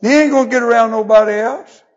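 Male preacher, high-pitched, folksy down-home sermon style, muffled lo-fi church recording. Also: fast. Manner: folksy preaching with scripture read in old English. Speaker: pastor.

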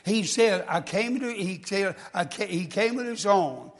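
A man's voice: sits high, measured pace. A man preaching a sermon in a church, folksy, stumbling and restarting, congested from a cold. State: congested, coughing. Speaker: guest preacher. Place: church sanctuary. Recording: long church reverb.

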